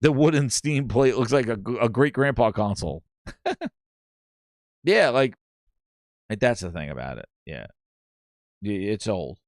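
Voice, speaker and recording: A man's voice: mid-range voice, sing-song, a little slow, long pauses, a little mellow, no echo, studio quality. A man hosting a gaming news show, rambling and mocking in casual chat, with many restarts. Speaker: gaming podcast host.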